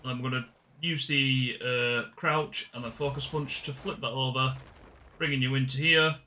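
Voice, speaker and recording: A man's voice: mid-range voice, steady tone, moderate pace, bright, forceful tone. A man giving casual game walkthrough commentary, chatty and often correcting himself mid-sentence. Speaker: gaming channel host.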